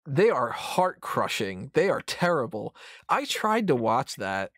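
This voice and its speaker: A man's voice: mid-range voice, big pitch swings, unhurried, fairly bright tone, dry recording, studio quality. A man in his thirties hosting a casual podcast roundtable, rambling and self-mocking, laughing often as he talks. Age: 30s. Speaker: podcast host.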